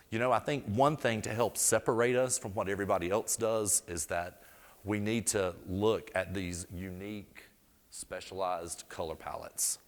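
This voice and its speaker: Before an audience in a large event hall, a Southern-accented North Carolina man demonstrates floral design live, mixing chatty storytelling with folksy remarks. He speaks at a moderate pace in a steady voice that sits on the low side.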